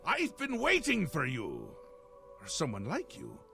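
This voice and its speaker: An actor playing a manic, capricious male prince of madness from a video game, with a Scottish accent and a gravelly voice that swings from low mutters to sudden shouts. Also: wildly swooping pitch, measured pace, soft background music, exaggerated voice.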